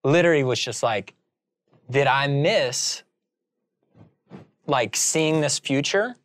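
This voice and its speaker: A man's voice: medium pitch, slow, dry recording, studio quality. A man from Indiana, a filmmaker guest in an interview, telling a story casually and animatedly with lots of "like". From Indiana, USA. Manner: animated storyteller, heavy use of "like".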